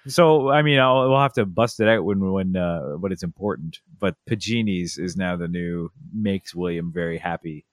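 A young man telling family stories in a relaxed chat, acting out a toddler's lines with lots of energy. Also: low-pitched, moderate pace, few pauses, no echo, clean studio sound. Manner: animated storyteller, acts out a toddler's voice. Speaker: podcast co-host. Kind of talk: casual storytelling chat.

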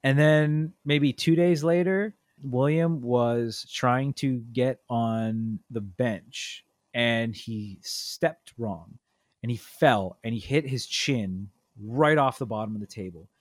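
Man in his thirties, casual storyteller, animated, dry close mic. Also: takes it slowly, dry recording. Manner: animated storyteller, acts out quotes with big pitch jumps. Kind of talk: casual chat.

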